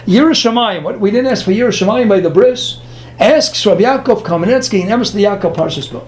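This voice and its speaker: High-voiced man giving a Talmud lecture. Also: a little hiss or hum. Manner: animated, rhetorical questions, quick asides. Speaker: Torah teacher.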